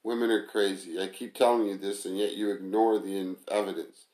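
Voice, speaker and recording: A man's voice: deep voice, steady tone, fairly quick, a little mellow, close to an everyday voice. A man voicing a brash, scornful male restaurant manager who is blunt and bossy with his friend, in an echoey room.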